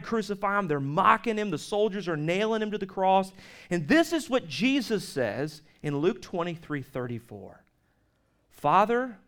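A male pastor preaching a sermon to his congregation. He speaks emphatically, swinging between loud stress and hushed lines, with frequent restarts and repeated words. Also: sits high. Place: church service with projected slides.

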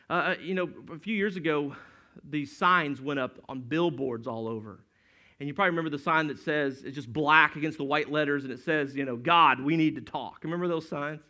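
A man's voice: high voice, sharp tone. A middle-aged man preaching a sermon as pastor, in a conversational, storytelling way that acts out quotes.

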